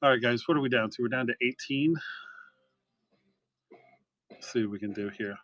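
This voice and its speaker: A man's voice: medium pitch, moderate pace, a bit bright, no echo. A middle-aged man hosting a live card-break stream, chatting casually and rambling through stories. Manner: rambling, chatty storyteller with fillers.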